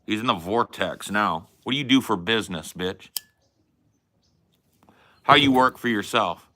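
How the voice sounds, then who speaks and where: Combative, mocking man with a bright edge. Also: fairly low pitch, animated, unhurried. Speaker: stream host arguing with chat. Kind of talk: heated stream rant.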